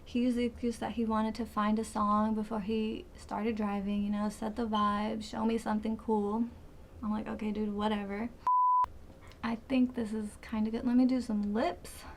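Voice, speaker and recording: A woman's voice: mid-range voice, flat delivery, normal speed, noisy background. A woman in her twenties telling a rambling, profane story in a dramatic, casual storytime way. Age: 20s. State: sweating, hot. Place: hot room.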